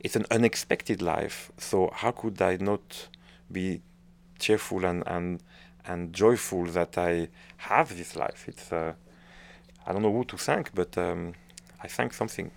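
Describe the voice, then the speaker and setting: Low-pitched, unhurried and creaky, a middle-aged man from France with a French accent answers interview questions as a conductor. He sounds unsure, groping for words and restarting often.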